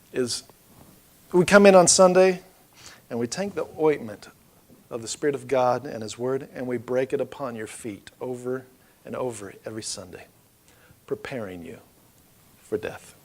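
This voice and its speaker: A middle-aged man, preaching a loose, storytelling sermon in church that swells loud and then drops low. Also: moderate pace, a little hiss or hum. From Oklahoma. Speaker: pastor. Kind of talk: conversational sermon.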